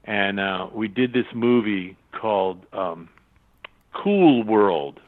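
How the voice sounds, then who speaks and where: An older man, a guest in a casual interview, telling lively anecdotes, acting out other people's voices and laughing often. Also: fairly low pitch, slow pace. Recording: tinny phone-line sound.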